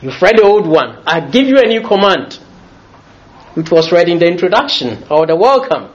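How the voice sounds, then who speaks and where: A high-voiced, middle-aged man delivers a sermon, playful and quick to laugh. The sound is a little muffled and lo-fi. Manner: lively, jokey, often laughing as he talks. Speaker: preacher.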